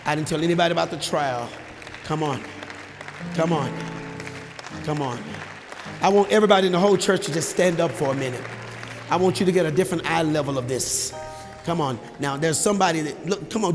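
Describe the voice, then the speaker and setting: A male pastor giving a sermon altar call, urging the congregation to come forward with repeated calls that rise to shouting. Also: high-pitched. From Texas. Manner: rises to shouting at peaks. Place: large church sanctuary with balcony. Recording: live church sound with long reverb and soft music.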